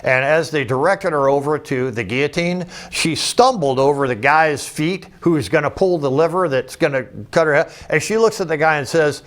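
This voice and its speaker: A man giving an informal, rambling lecture over slides as a political commentator, often restarting his sentences and adding wry asides. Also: fairly high pitch. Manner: rambling, digressive, with frequent restarts.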